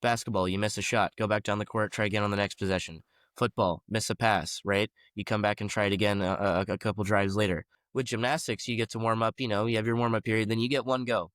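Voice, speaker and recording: Fast-talking low-voiced man. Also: little pitch movement, fairly bright tone, dry recording, studio quality. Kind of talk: podcast discussion.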